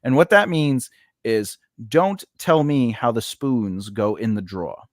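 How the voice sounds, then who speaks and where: A man's voice: mid-range voice, unhurried, no echo, studio quality. A man, a comedian and actor, chatting casually and acting out both sides of household arguments. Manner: animated storyteller, acts out both sides of arguments. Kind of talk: casual chat.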